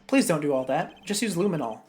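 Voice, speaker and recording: A curt, cool agent from a courtroom game, as a woman reads him, brushing things off in flat, blunt statements. Her voice stays in its usual low middle range. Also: fast.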